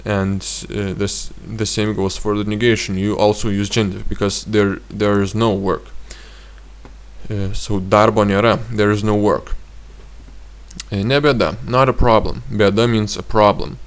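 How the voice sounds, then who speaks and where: A man with a Lithuanian accent teaching grammar in a slow, halting way with frequent fillers. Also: lowish voice, flat delivery, clear, resonant tone. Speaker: language teacher.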